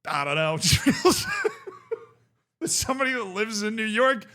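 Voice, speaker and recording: A young man hosting a casual reaction video, commenting in an amused, excitable way and often laughing. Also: high-pitched, fast talker, clean tone.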